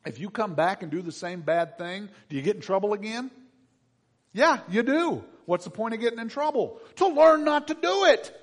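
A man preaching a sermon, asking the congregation and children questions and swinging between quiet asides and loud, emphatic build-ups. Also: high voice, in a large hall. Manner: addresses the congregation and kids with questions. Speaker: pastor.

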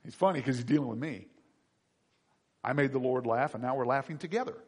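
A man in his fifties, a pastor preaching a sermon through personal stories, swinging between loud bursts and hushed asides. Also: medium pitch, brisk, slightly rough. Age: 50s.

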